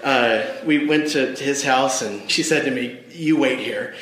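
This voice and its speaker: A man's voice: mid-range voice, unhurried, background noise. Male devotional speaker, mid-range voice, earnest storyteller who speaks directly to listeners, reverberant room. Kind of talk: personal story in a church devotional. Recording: echoey room.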